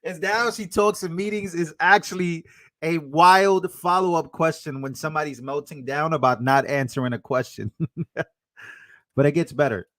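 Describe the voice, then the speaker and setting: A man hosting a casual reaction show, laughing often and talking in loose, excitable slang. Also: a little high, moderate pace, no room sound. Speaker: show host reacting to clips.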